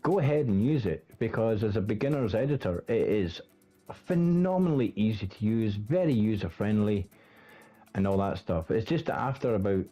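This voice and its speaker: A man's voice: lowish voice, muffled recording. A Scottish man in casual chat, rambling and restarting his sentences, swearing often as a guest rating a build. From Scotland. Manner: animated, rambling, stammering restarts.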